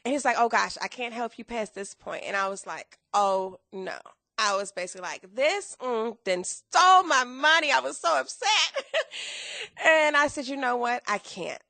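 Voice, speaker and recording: A woman in her thirties tells a story as a podcast guest, full of acted-out quotes and laughter. Her fairly high voice has a bright, sharp tone with a gravelly fry underneath. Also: a little fast, no echo. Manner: lively, acts out quotes with big pitch jumps and laughter. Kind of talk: animated storytelling in a podcast interview.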